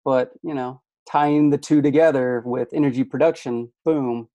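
A man's voice: medium pitch, fairly even intonation, normal speed, warm tone, dry recording, muffled recording. A man with a Midwestern accent, a podcast guest and hydrologist, rambling through playful explanations. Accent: Midwestern American. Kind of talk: casual podcast chat.

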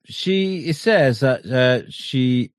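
A man's voice: mid-range voice, expressive, drawn-out words, no echo, studio quality. An English man hosting a podcast, joking and swearing in casual banter. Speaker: podcast host.

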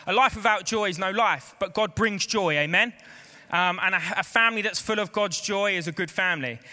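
Bright-voiced pastor preaching. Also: male voice, high-pitched. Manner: lively preaching, asks the congregation for amens. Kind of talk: sermon. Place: church hall. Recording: echoey church hall.

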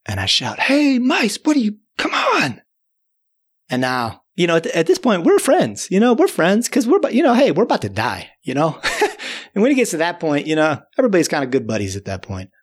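A man telling a story in a chatty, animated way, chuckling now and then. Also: on the high side, brisk. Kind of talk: spoken storytelling.

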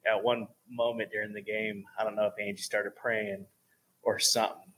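A man telling lively stories about faith in a casual talk, going soft and low at times for emphasis. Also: normal speed. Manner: animated storyteller, drops to a soft voice for emphasis.

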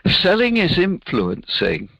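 A man's voice: high-pitched, huge pitch swings, slow pace, gravelly, sharp tone, dry recording, dull audio. A man, a business founder answering interview questions in an earnest, explaining way.

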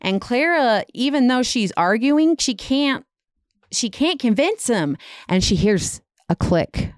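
A woman with a smooth, clear voice tells a dramatic story in a loose, chatty way, full of "like" and "kind of." The sound is dry and close, with no room around it. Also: a little high, sing-song, slow, no echo. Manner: dramatic retelling with many fillers. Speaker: podcast storyteller. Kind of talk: casual storytelling.

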